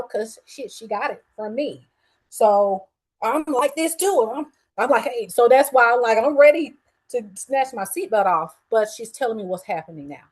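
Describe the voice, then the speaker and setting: A middle-aged woman hosting a show, telling a story in a casual, blunt and profane way with lively swings in her voice. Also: fairly high pitch, rough recording. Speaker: podcast host.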